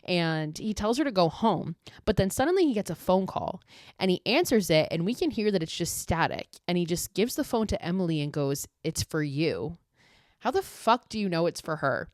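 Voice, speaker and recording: A woman hosting a podcast, recapping a horror movie in casual, animated speech full of profanity and filler words. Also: on the low side, a little fast, dry recording, clean studio sound. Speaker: podcast host.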